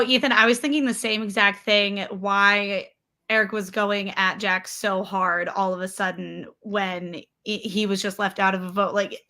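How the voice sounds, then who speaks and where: A woman guest on a live discussion show, giving thoughtful, measured analysis in casual chat. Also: mid-range voice, bright, forceful tone. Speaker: guest panelist.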